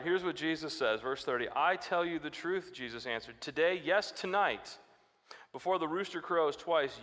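High-voiced preacher in a reverberant hall. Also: male voice, a bit bright. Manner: dramatic, rises sharply when quoting scripture. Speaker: pastor. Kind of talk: sermon.

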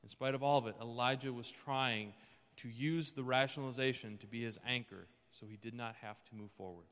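A man's voice: medium pitch, steady tone, fairly quick, fairly bright tone, in a large hall. A man preaching a sermon in a conversational way, acting out the scripture quotes as he reads them. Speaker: pastor.

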